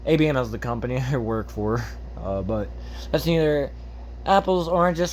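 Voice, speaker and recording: A man's voice: a little high, animated, normal speed, a bit bright. A man hosting a casual unboxing video, rambling and joking as he goes off on tangents, with the odd swear word. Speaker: host.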